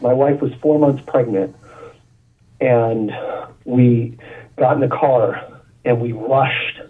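A man on a call-in radio show tells a painful personal story in a halting way, stumbling and repeating words. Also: medium pitch, steady tone, slightly rough. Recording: tinny phone line on radio.

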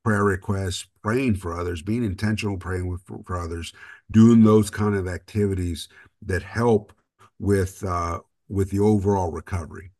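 Man, very low voice, casual podcast co-host, earnest and rambling. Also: fairly even intonation, normal speed, a little mellow. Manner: earnest, rambling with restarts and self-deprecating jokes. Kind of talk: casual recovery talk.

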